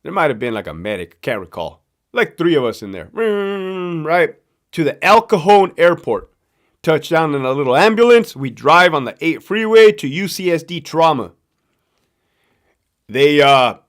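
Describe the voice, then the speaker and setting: Southern Californian man hosting a live chat, swearing and slangy, lively pitch that rises a little high. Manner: slangy, profane, loose storytelling with lots of fillers. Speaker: livestream host, former prison guard. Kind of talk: casual live-stream chat reading viewer questions.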